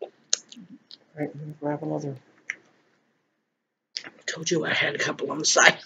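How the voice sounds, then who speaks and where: A man's voice: fairly high pitch, flat delivery, measured pace, creaky, background noise. A middle-aged man in a chatty eating vlog, rambling and laughing as he talks to viewers. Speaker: vlogger. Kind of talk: mukbang chat, eating on camera.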